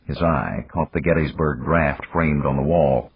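A male audiobook narrator reads in a measured, dramatic style with a very deep, husky voice. His pitch moves a lot as he tells the story. The recording is dry and somewhat dull. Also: lively intonation, no echo. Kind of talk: scripted narration.

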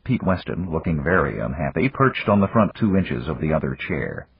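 A man reading a novel aloud in measured scripted narration. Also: very deep voice, very animated, vocal fry, husky, dry recording. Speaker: audiobook narrator. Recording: dull dry lo-fi recording.

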